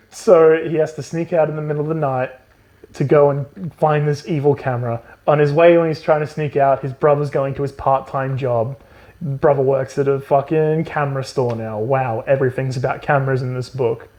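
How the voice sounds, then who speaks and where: A man's voice: medium pitch, fairly even intonation, normal speed, a little mellow. A man co-hosting a podcast, giving a sarcastic, profane recap of a book and laughing often at the plot. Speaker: podcast co-host. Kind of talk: comedic book recap chat.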